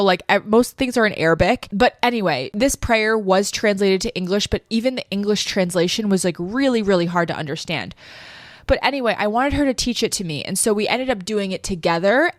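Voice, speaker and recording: A woman's voice: mid-range voice, no echo. A young adult woman hosting a podcast, telling a personal story in a chatty way, full of fillers, with emotion close to the surface. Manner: emotional, tearful at times, many "like" fillers. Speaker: podcast host. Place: living room.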